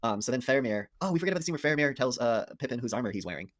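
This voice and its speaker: A man co-hosting a podcast, excitedly retelling movie scenes in casual chat, swearing often and slipping into quick impressions. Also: medium pitch. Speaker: podcast co-host.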